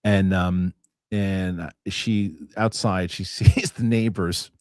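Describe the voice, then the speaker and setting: A man's voice: low-pitched, fairly even intonation, takes it slowly, a little mellow, dry recording, clean studio sound. A middle-aged man hosting a casual chat show, rambling with restarts and acting out other people's lines. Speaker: host.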